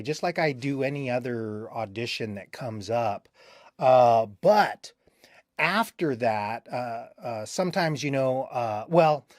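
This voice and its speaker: A man's voice: mid-range voice, no room sound, clean studio sound. A man who works as a voice actor, answering interview questions with a rambling recollection full of fillers and restarts.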